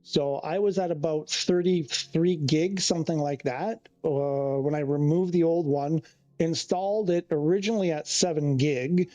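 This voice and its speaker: A man chatting casually to his stream in a fairly high, warm, mellow voice. He rambles, trails off and restarts his sentences as he reads chat aloud. The sound is close and dry, with faint music underneath. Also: measured pace, no room sound. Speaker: livestreamer.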